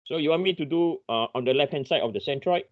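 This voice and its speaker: A man's voice: fairly high pitch, fast, phone-quality sound. A man lecturing an engineering class online. He thinks aloud, apologizes often and restarts his sentences.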